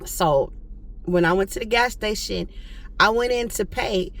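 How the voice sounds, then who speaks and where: Young woman, casual storytime vlog, chatty, preachy, faith-filled, mid-pitched voice. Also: unhurried, a bit bright. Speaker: vlogger.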